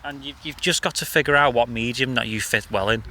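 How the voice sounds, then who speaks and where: A man's voice: mid-range voice, fairly quick, pushed and bright, slight background noise. A man hosting a casual outdoor interview, chatty and freely giving advice. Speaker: interview host. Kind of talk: casual chat. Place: outdoors by a bridge.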